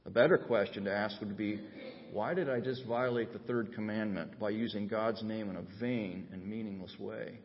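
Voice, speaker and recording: A man's voice: on the low side, steady tone, normal speed. A man preaching a sermon, explaining Bible passages and reading scripture aloud with rising intensity. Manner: swells to loud intense emphasis when reading scripture aloud. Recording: dull sound with long hall reverb.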